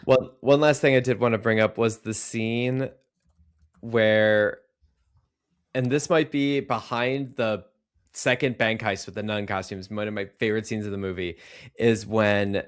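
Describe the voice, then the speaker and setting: Guy with a lowish voice gushing about movie scenes on a podcast. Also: fairly even intonation, a little slow, smooth. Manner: enthusiastic, retells scenes with quoted lines. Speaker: podcast co-host. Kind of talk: casual chat.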